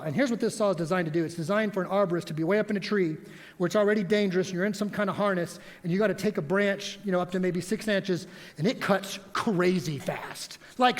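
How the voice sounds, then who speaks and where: A man preaching a sermon as pastor, telling stories with animated energy and props. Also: sits high, fairly quick. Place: church sanctuary. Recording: long reverb of a church hall.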